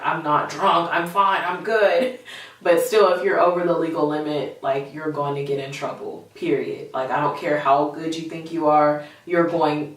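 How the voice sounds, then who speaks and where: A young woman vlogger recounts a personal story in a candid, chatty manner, her voice sitting a little low. She sounds set back from the mic, in a very echoey room. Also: distant mic. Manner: candid, chatty, animated retelling with lots of fillers.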